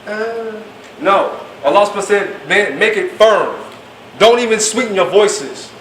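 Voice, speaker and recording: A man with a high voice lectures a class in an emphatic, casual style. The room is echoey and the mic sits at a distance. A faint hum runs underneath. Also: expressive, a little fast, fairly bright tone. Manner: emphatic, colloquial, acts out quoted speech. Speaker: Islamic class teacher.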